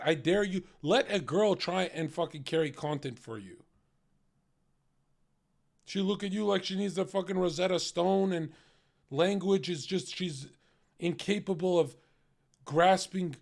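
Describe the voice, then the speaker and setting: A young man ranting through a livestream reaction. His voice sits a little high for a man. He talks in a crude, mocking way and swears constantly. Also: creaky, a little mellow.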